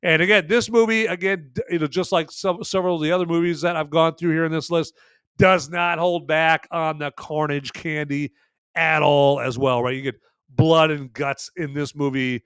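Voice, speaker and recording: A man with a fairly high, smooth and clear voice hosts a live podcast in casual commentary. He rambles, with lots of fillers and restarts. The sound is dry and close, with no room around it. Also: steady tone, moderate pace, fairly bright tone, no room sound. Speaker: podcast host presenting a vampire movie list.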